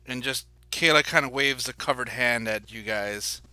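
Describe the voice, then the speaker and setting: A man narrating a tabletop role-playing game as game master, halting and full of fillers. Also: mid-range voice, bright, forceful tone, no echo.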